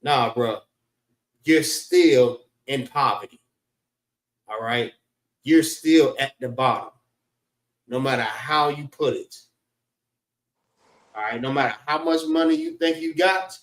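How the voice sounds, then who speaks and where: Slow-talking male instructor, echoey room. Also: medium pitch. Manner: drawn-out, repeats "all right?" to check in. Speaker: class instructor. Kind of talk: casual teaching lecture.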